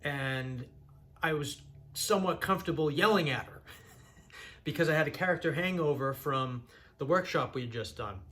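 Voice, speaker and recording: A man's voice: fairly high pitch, normal speed, pushed and bright. Earnest young man telling his story. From Massachusetts, USA. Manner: earnest, rambling, with restarts. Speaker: channel host sharing his own story. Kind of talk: candid personal storytelling.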